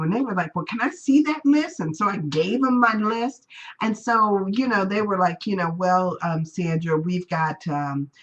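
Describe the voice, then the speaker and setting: In this dull-sounding recording, a woman with a mid-range, slightly bright voice leads a spiritual class streamed live. She tells personal stories conversationally and performs the voices of those she quotes.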